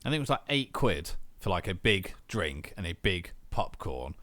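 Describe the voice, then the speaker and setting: A man co-hosting a podcast in casual chat, telling dry, deadpan jokes and letting his sentences trail off into a mumble. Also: low voice, normal speed, no room sound. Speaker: podcast co-host.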